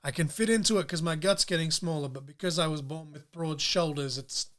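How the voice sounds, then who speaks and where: A man's voice: a little high, a little fast, fairly bright tone. A man hosting a podcast interview in a chatty, jokey manner, laughing often. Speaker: podcast host. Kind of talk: casual interview chat.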